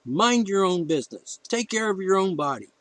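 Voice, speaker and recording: A man's voice: high voice, sing-song, moderate pace, fairly bright tone, low-quality recording. A man ranting in a blunt, heated opinion monologue as a podcast host, cursing freely and getting emotional.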